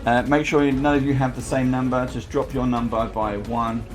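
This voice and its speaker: A man's voice: mid-range voice, flat delivery, music in the background. Man narrating as dungeon master. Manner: slow, drawn-out descriptions with sound effects. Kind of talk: narrating a tabletop game.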